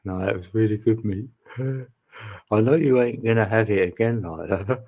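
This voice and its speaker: A man's voice: fairly low pitch, a little slow, warm tone, slightly rough. A man, chatting casually with viewers on a live stream, laughing often and teasing them.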